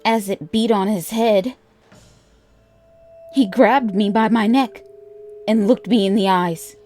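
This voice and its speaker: Female narrator, scripted horror tale, unhurried measured delivery, medium pitch. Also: darkish tone, faint music behind. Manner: measured, deliberate storytelling.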